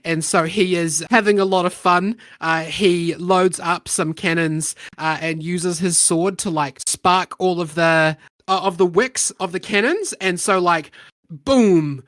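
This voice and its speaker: A man narrating a tabletop game as game master in a relaxed, rambling way. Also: sits high, measured pace, dry recording, clean studio sound. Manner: relaxed, rambling, many ums and uhs.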